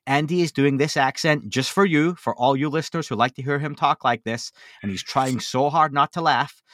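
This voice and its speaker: A man's voice: a little high, normal speed, no echo, voice pushed up, lightly acted. A man putting on a chirpy American hype guy. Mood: cheery pitch. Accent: put-on American. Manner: bright, overdone promo cheer.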